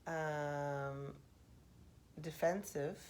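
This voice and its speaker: A woman speaking softly for ASMR, musing aloud with pauses and half-whispered asides. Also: low voice, steady tone, slight background noise. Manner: reflective, thinking aloud with pauses. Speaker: host. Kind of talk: soft-spoken ASMR poetry analysis.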